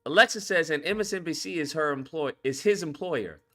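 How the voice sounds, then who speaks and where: A man's voice: fairly high pitch, a little fast, bright, forceful tone, faint music behind. A man hosting a call-in commentary stream, ranting bluntly and swearing heavily. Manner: profane, blunt, exasperated ranting. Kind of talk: casual political commentary.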